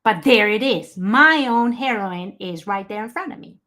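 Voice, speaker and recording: A woman's voice: mid-range voice, expressive, moderate pace, sharp tone. A woman giving an online health presentation, talking with emphasis and breaking off to apologise and answer viewers by name.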